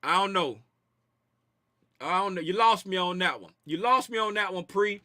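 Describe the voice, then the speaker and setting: A man's voice: high-pitched, normal speed, bright, forceful tone, no room sound, studio quality. A man hosting a casual trading livestream, reading viewer comments in a loose, slangy way and repeating his phrases. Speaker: trading stream host.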